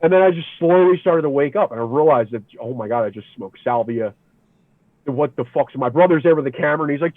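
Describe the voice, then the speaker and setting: Animated guy telling a wild story over a tinny line. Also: a little high, fast talker, dry recording. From Philadelphia area. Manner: animated, swearing, frequent "dude" and "like". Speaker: podcast guest. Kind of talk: casual storytelling. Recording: tinny phone-like sound, dry.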